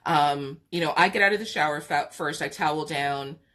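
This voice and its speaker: A woman hosting a live podcast, telling a personal story in a frank, chatty way. Her voice sits a little low for a woman. She laughs often and trails into drawn-out pauses. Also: a bit bright. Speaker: podcast host. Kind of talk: candid storytelling on a live stream.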